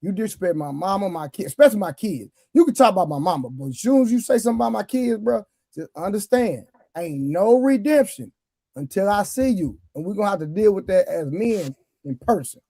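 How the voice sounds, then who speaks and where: A man's voice: high voice, animated, a little fast, gravelly, dark tone, no echo, clean studio sound. A man speaking firmly and with emphasis on a livestream panel chat. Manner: firm, emphatic.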